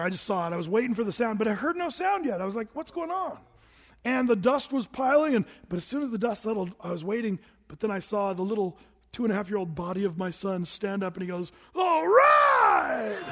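A middle-aged man preaching a sermon as pastor, telling a story with animated swings that climb to shouts. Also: high voice, fast. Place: church sanctuary. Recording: long hall reverb.

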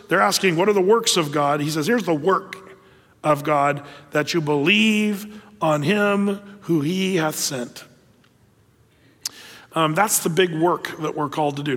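A man's voice: fairly high pitch, fairly bright tone. Preaching man in a reverberant hall. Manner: conversational preaching with many fillers and restarts. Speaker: pastor. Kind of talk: sermon.

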